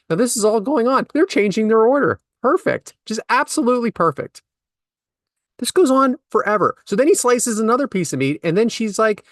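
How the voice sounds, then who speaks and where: Middle-aged male co-host; animated, exasperated anecdotes, pitched high. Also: brisk, dry recording, clean studio sound. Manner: animated, exasperated storytelling with big pitch jumps. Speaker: podcast co-host. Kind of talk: casual storytelling chat.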